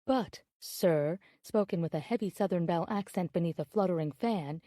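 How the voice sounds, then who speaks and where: A woman voicing a gushing flirty pen pal, mellow tone, dry close sound, audiobook drama. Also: on the low side, moderate pace, dry recording, lightly acted. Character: bubbly flirtatious woman writing love emails.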